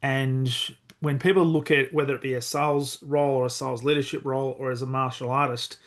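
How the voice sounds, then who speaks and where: A man's voice: medium pitch, level tone, a little fast. A middle-aged man hosting a podcast, reflecting on a guest's story and summing up its lesson. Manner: reflective, thinks aloud with restarts. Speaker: podcast host. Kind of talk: podcast interview.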